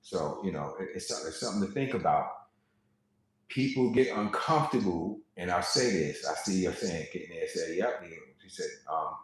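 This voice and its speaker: A man's voice: low voice, normal speed. Conversational man preaching in an echoey room. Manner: conversational, repeats words when starting a thought, quotes scripture. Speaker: preacher hosting an online live stream. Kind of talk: casual preaching to a live online audience.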